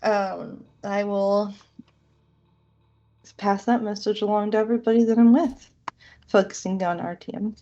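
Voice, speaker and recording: Slow, halting woman player. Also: medium pitch, fairly even intonation, mellow, lo-fi sound. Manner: hesitant, halting, laughs often. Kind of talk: casual tabletop game play.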